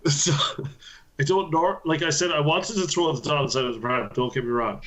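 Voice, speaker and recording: A man co-hosting a podcast, telling a story in an animated, profane way and laughing often. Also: a little high, moderate pace, pauses often. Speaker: podcast co-host. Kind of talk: casual chat.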